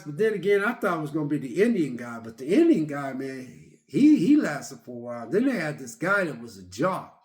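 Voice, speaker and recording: A man's voice: fairly high pitch, sing-song, moderate pace. A man giving a casual, rambling movie review, retelling scenes with lots of repeats and fillers.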